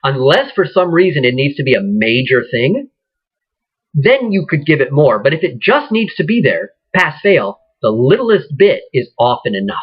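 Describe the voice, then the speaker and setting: A man teaching acting, speaking in a conversational, rambling way with many ums and restarts, his voice husky. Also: a little high, big pitch swings, moderate pace, lo-fi sound. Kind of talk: informal lecture.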